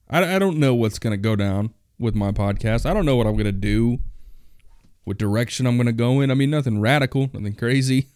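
A man's voice: on the low side, a little mellow, no echo, studio quality. A young man hosting a solo podcast, ranting bluntly and with plenty of swearing. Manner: blunt, profane, complaining. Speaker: podcast host.

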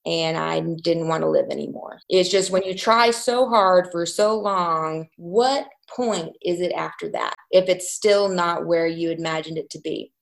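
Woman, about thirty, interview guest, lower voice, candid, reflective, halting. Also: vocal fry. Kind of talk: personal story in an interview.

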